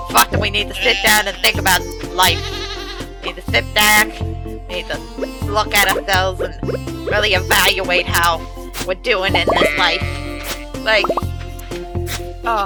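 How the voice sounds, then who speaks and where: An animated young woman streamer from an island talks casually, swearing often and breaking into silly voices. Her pitch is mid-range. The audio is poor, and music can be heard behind her.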